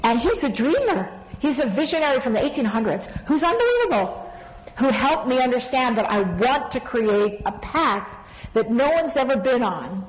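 Animated middle-aged woman in a hall. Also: sits high, moderate pace. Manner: animated storyteller, laughs often. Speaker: speaker on women's leadership. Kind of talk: stage panel talk. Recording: long reverb of a large hall.

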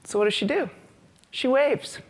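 A woman's voice: sits high, normal speed, slightly rough. A woman giving a humorous, storytelling talk to an audience as an invited speaker. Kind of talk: conference talk.

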